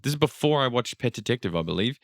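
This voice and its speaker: A man's voice: mid-range voice, expressive, fast, vocal fry, dry recording, clean studio sound. A man hosting a podcast in casual, easygoing chat, laughing often and chiming in.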